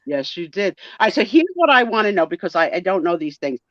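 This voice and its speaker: A woman hosting a live sale show, chatting on a video call in a playful, animated way, teasing her guests and acting out their lines. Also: fairly low pitch, fast talker, dry recording. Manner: animated, playful roasting, acts out what others say. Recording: dull lo-fi call audio.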